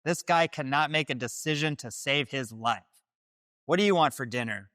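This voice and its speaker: A man's voice: on the high side, expressive, brisk, bright, forceful tone, no echo, studio quality. A man hosting, delivering scripted dating-advice commentary in a direct, declarative way. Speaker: host.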